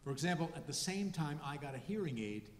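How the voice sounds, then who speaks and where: Dry-voiced man in his seventies doing stand-up. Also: a little high. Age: 70s. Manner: dry, deadpan delivery with halting restarts. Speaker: stand-up comedian and rabbi. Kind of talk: stand-up comedy set. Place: hall before a live audience. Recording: echoey hall, faint noise.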